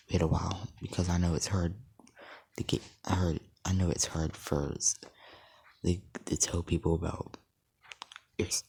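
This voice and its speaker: A man voicing a kind, caring adult superheroine, speaking in a soft, hesitant half-whisper. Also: low-pitched, gravelly, breathy edge, full character voice.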